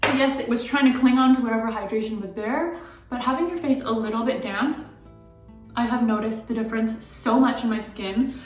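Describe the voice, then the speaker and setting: A woman's voice: on the high side, fairly quick. A woman in her twenties, a beauty vlogger, chatting candidly and heartfelt in a casual confiding way, rambling with lots of likes. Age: 20s. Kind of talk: casual confiding vlog chat. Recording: echoey room, distant mic, background music.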